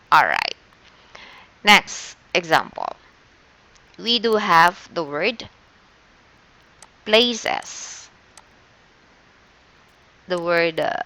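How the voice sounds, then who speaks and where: A Filipino woman teaches an online lesson, walking through each step patiently. Her voice is smooth and clear, sitting a little low. She speaks very slowly. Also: bright, forceful tone. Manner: patient, explains step by step, frequent "okay". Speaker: shorthand teacher.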